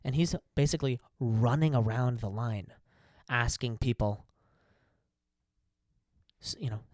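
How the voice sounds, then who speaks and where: A man's voice: medium pitch, measured pace, no echo. A man tells a story on a casual podcast. He acts out each quote as he goes. The sound is dry and close, with no room around his voice. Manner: animated storyteller acting out quotes. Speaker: podcast co-host.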